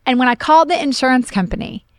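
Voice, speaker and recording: A middle-aged woman pastor co-hosting a podcast, telling a personal story with lively, animated retellings of her own complaints. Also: high voice, fast, no room sound. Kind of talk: casual podcast talk, testimony.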